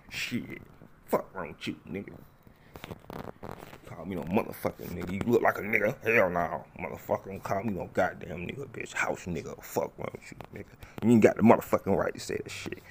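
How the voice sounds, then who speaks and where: A man's voice: deep voice, pushed and bright, voice pushed down, full character voice. A man voicing a hot-tempered, menacing tough guy who swears and threatens in a comedy skit. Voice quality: gravelly, profane. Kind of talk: comedy skit with character voices.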